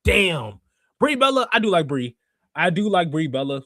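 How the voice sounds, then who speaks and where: A young man hosting a casual wrestling podcast livestream. He rants in an animated way and laughs often. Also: high voice, normal speed, dry recording. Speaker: podcast host.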